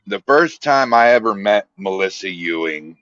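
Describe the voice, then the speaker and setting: Low slow guy on a podcast, dull dry lo-fi sound, easygoing storyteller. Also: animated, fairly bright tone, no room sound. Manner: storytelling, laid-back drawl. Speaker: guest, paranormal team founder. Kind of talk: casual podcast chat.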